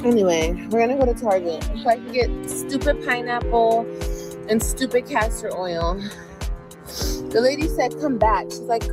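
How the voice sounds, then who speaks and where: A woman's voice: on the high side, lively intonation, a little slow, pauses often, over loud music. A young pregnant woman vlogging in a casual, weary, complaining way, swearing often and sounding close to tears. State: tearful. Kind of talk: casual phone vlog.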